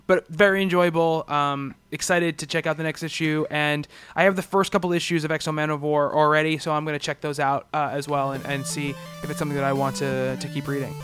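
A man hosting a casual comics podcast. His voice is smooth and fairly high for a man, and he rambles and restarts his sentences with plenty of ums. Faint music plays under him. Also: level tone, brisk, few pauses, fairly bright tone. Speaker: podcast co-host. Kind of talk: casual chat.

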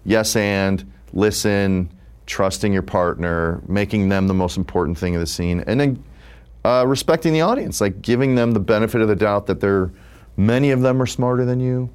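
With a fairly low, smooth voice at normal speed, this fifty-something improv comedian chats easily in an interview. His talk wanders, peppered heavily with the filler "like."

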